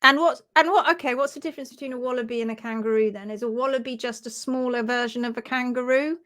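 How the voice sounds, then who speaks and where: A woman's voice: a little high, fairly even intonation, fast, fairly bright tone. Giggly woman chatting on a live stream. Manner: giggly, playful, reading comments aloud. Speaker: hoof trimmer hosting a live stream. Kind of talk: casual live-stream chat.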